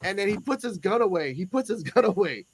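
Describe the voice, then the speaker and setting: High-voiced man telling stories. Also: a little fast, husky, poor audio. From Puerto Rico. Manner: animated, profane, acts out the other people in his stories. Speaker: host. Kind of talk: casual storytelling on a reaction show.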